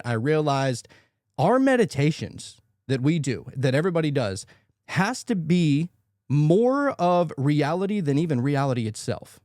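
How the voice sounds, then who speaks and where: Animated podcast host, lively pitch. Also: male voice, dry recording, clean studio sound. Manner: excitable, searching for words, many restarts. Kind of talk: casual podcast conversation.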